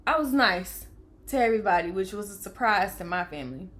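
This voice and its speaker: Young woman telling a story, voice swinging loud to hushed. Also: mid-range voice, a little fast, slight background noise. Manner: animated, acts out quoted lines, swings from loud to hushed. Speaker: vlogger telling her birth story. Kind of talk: casual storytelling.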